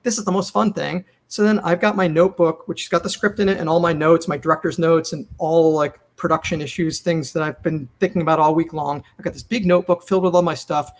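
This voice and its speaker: A man with a bright, high-pitched voice tells stories from running a TV comedy, animated and chatty. He jumps into quoted lines, acting out each person as he goes. His talk is loose and conversational, like an interview guest swapping stories. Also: quick pace, hardly any pauses. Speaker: TV comedy writer and showrunner. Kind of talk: casual storytelling interview.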